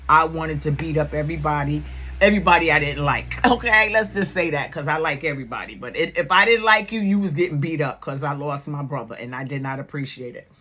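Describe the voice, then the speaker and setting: A middle-aged woman talking casually and bluntly on her video channel, loud and animated, swearing freely, with grief showing through in places. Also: low voice, fairly quick. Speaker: YouTube reality-TV commentator. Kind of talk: casual vlog commentary.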